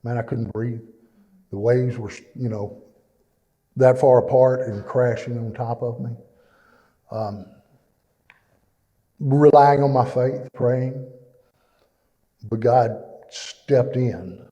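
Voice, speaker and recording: A man's voice: medium pitch, fairly even intonation, takes it slowly, pauses often, dark tone, dull audio. Man, middle-aged, plainspoken church testimony with many fillers, echoing through a reverberant hall. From East Texas. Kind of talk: personal testimony.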